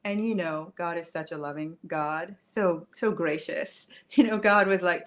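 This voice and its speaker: A woman's voice: fairly low pitch, normal speed, few pauses. Emphatic woman coach telling her story. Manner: emphatic, swings from hushed to raised. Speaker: women's wealth coach. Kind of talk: personal storytelling to an online audience.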